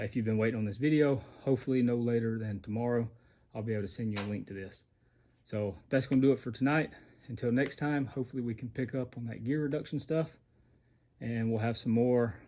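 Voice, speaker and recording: Working man talking through an install, winded, warm low-key tone, faint noise behind. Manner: plain-spoken, talks while working. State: out of breath. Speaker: off-road parts maker showing an install. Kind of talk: casual how-to narration.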